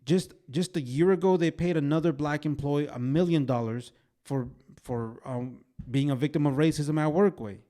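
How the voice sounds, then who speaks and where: A man in his twenties co-hosting a podcast, telling animated stories in casual chat full of fillers like "way" and "bro". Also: on the high side, normal speed. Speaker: podcast co-host.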